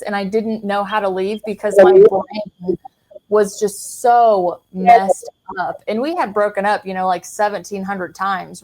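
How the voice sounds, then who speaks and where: A young adult woman from Kansas City, Missouri, in the American Midwest, appears as a podcast guest and shares her personal story. Her mid-range voice has a darkish tone, and she talks frankly and chattily, saying "like" a lot and swearing casually.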